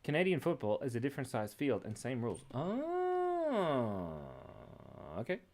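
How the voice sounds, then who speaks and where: Man, live-stream art host. Goofy, rambling chat that trips over its own words, mid-pitched with a very animated melody. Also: a little slow. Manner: rambling, playful, jumps between random thoughts; often breaks off mid-word and restarts. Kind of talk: casual live-stream chat while drawing. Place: indoors at his computer.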